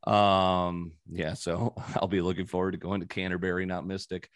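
A man's voice: deep voice, level tone, moderate pace, no room sound. A man hosting a podcast, chatting casually and telling rambling, profane stories. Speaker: podcast host. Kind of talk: casual chat.

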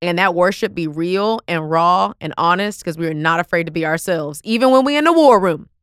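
Excitable woman podcast host, smooth voice. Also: fairly low pitch, fairly quick, no room sound, studio quality. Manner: excitable, playful, talks over herself. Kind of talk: casual podcast chat.

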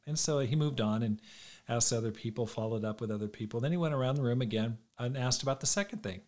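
A man's voice: mid-range voice, fast, darkish tone. A middle-aged man giving a sermon as a pastor, telling a personal story and acting out the dialogue. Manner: conversational storyteller, acts out quoted dialogue.

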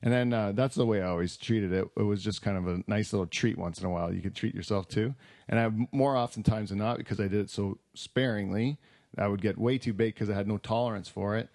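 A man's voice: lowish voice, fast talker, creaky, darkish tone, no echo, clean studio sound. A man hosting a casual podcast chat, rambling with lots of fillers, restarts and laughter. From Canada. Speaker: podcast host.

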